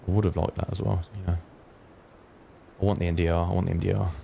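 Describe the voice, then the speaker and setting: A man streaming a shooter game, muttering to himself and swearing, with sudden high excited yelps. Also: fast, gravelly, slight background noise. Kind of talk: casual gameplay commentary.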